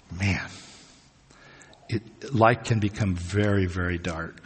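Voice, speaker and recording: Speaking in a husky, mid-range voice, a man pastor delivers a sermon built on everyday anecdotes, told conversationally with laughter and side remarks. The sound has the long reverb of a hall.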